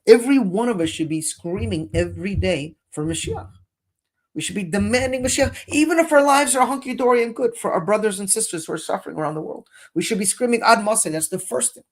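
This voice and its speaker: A man's voice: high-pitched, sing-song, fairly quick. A man teaching Chassidus in English with Hebrew and Yiddish phrases mixed in, speaking with impassioned indignation. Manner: impassioned, rising to near-shouting indignation. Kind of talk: Torah lecture.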